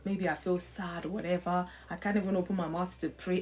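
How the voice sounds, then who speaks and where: A woman's voice: on the low side, steady tone, a little fast, a little mellow. A woman hosting a live stream, giving an earnest faith-based talk. She repeats her points, asks rhetorical questions and greets viewers by name as she goes.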